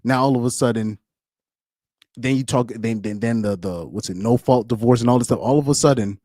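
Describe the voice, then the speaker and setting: A man's voice: mid-range voice, fairly quick, mellow, no room sound, studio quality. A man doing casual live-stream commentary, rambling and repeating words, often breaking into laughs.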